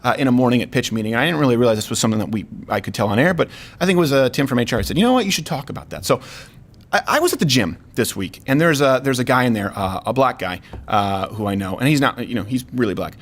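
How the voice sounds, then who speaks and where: A man hosting a talk show, telling a comedic story in an animated, conversational way. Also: medium pitch, fast.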